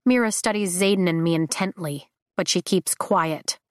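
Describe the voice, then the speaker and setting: A woman narrating a novel in the first person, steady and measured, on a close mic. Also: on the low side, no room sound. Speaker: audiobook narrator.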